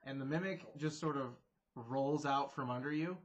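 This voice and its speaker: A man's voice: mid-range voice, moderate pace, muffled recording. A man narrating as game master, playful and a bit rambling, laughing between beats.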